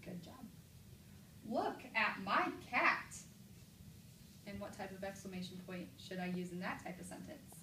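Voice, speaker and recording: A female teacher runs a classroom mini lesson, offering clear, encouraging prompts and reading example sentences slowly and with exaggeration. Her voice is fairly low with little pitch movement, picked up from a distance in an echoey room over a light hiss.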